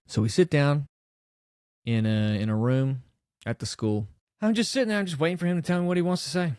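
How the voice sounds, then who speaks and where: A man's voice: mid-range voice, expressive, fairly quick, a little mellow, clean tone, no echo, studio quality. A man, a personal trainer and former wrestling coach, telling a personal story in a loose, reflective way with many fillers and restarts. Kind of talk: casual storytelling monologue.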